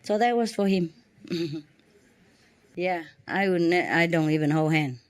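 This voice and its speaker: Woman, halting. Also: lowish voice, clean tone. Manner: halting, frequent restarts and fillers. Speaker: spiritual teacher. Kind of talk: personal storytelling to students.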